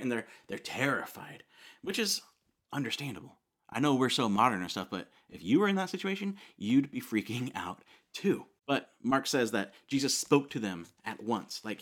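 A male pastor gives a sermon in a relaxed, chatty way, with plenty of fillers and tag questions. His mid-range voice rises and falls with lively swings. He sounds like he is talking with the congregation rather than at them. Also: mid-range voice. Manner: casual and conversational, with frequent "like" and "right?".

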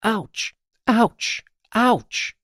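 A woman's voice: sing-song, unhurried, darkish tone, no room sound, clean studio sound. A man voicing a stubborn, bossy young witch. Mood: shrieking. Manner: bossy and impatient, shrill when upset. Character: stubborn, boastful witch eager to be evil. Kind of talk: storybook reading.

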